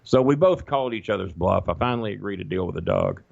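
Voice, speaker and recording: A man telling a long, profane, animated story in a casual podcast chat. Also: lowish voice, fast talker, vocal fry, dry recording, muffled recording. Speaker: guest storyteller.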